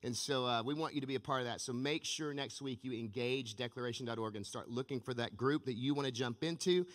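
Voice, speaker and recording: A man's voice: medium pitch, fast, a bit bright. A man preaching a sermon as pastor, telling stories with energy in a church sanctuary. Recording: long reverb of a large church hall.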